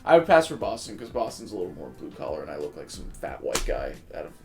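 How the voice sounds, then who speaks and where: Lively young man, casual chat. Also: sits low, fast talker, vocal fry. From New Jersey. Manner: animated, self-deprecating banter. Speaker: podcast host.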